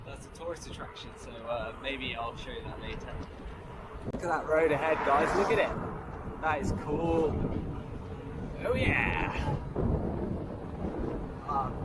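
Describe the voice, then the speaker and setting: A man vlogging casually as he rides a bicycle along a country highway, rambling and chuckling as he talks to viewers over wind and road noise. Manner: rambling, chatty asides to viewers, chuckles often. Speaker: touring cyclist vlogger. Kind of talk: casual vlog narration while cycling.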